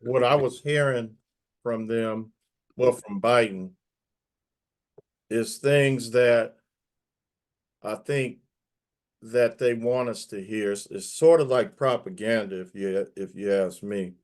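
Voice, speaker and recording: A man's voice: mid-range voice, slow, pauses often. A man speaking as a guest on an online panel, emphatic and opinionated, often repeating words. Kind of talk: casual panel discussion.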